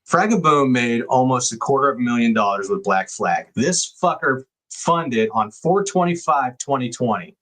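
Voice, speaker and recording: A man's voice: medium pitch, lively intonation, moderate pace, hardly any pauses, a bit bright. A man co-hosting a casual podcast chat, speaking bluntly and agreeing often. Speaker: podcast co-host.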